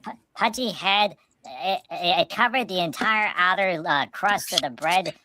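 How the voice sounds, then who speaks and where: Low-voiced rambling woman, dry close mic. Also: lively intonation, measured pace, sharp tone, no room sound. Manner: rambling storyteller with restarts. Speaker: podcast co-host. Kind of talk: casual chat.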